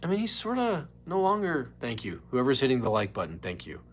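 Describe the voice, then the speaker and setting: A man's voice: medium pitch, huge pitch swings, fairly quick, a little hiss or hum. A middle-aged man hosting a casual solo livestream from home, rambling and joking straight to his viewers. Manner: rambling, jokey, talks to viewers directly. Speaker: livestream host.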